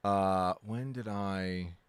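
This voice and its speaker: A man with a low voice talks extremely slowly, his tone clean and free of echo. Chatting casually on a live stream, he rambles, repeatedly corrects himself and jokes with his chat.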